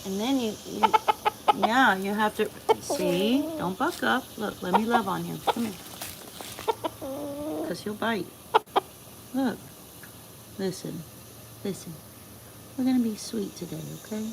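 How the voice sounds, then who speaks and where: A woman's voice: mid-range voice, slow, gravelly, pauses often, background noise. A woman hosting a casual livestream, folksy and chatty, talking to her animals and her viewers. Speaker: livestream host.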